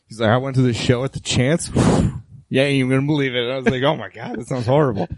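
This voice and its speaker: A man's voice: medium pitch, brisk, no echo. A man telling stories in casual podcast chat, rambling with many "I was like" asides and frequent laughter.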